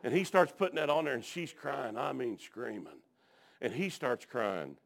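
A gravelly-voiced preacher man with a lively, rising and falling delivery. He tells folksy stories and drops amens often, going from hushed to shouting. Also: mid-range voice, normal speed. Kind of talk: sermon.

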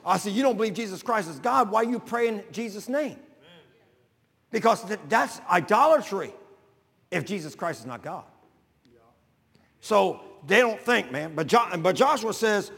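Older pastor, gravelly and high-pitched, folksy sermon delivery in a reverberant church. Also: male voice. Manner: folksy, builds to shouting.

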